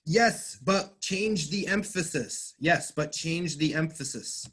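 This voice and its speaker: A male English teacher leading a class, his voice sitting a little high. He speaks slowly and patiently, spelling out meanings clearly and encouraging his students as he goes. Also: a bit bright. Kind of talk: online class recap.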